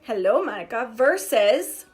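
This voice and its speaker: High-voiced energetic woman coaching. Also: a little slow. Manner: energetic, emphatic, acts out inner voices. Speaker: business coach. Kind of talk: casual direct-to-camera talk.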